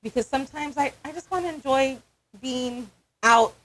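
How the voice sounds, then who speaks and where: A woman with a somewhat high voice, hosting a radio interview in the studio. She chats casually and encourages her guest, and now and then talks about her own family and the women she mentors. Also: normal speed, fairly bright tone, a little hiss or hum, low-quality recording. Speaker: radio host.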